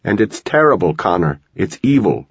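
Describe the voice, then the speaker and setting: A man's voice: sits low, sing-song, moderate pace, vocal fry, slightly rough, no room sound, muffled recording, full character voice. A man voicing a frightened middle-aged mother who is fierce and tearful, in an audiobook.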